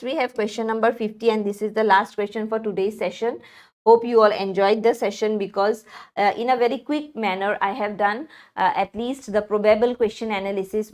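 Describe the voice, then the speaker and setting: A woman teaching English grammar in a live exam analysis, explaining slowly and often restarting with fillers. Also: medium pitch, a little mellow. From India.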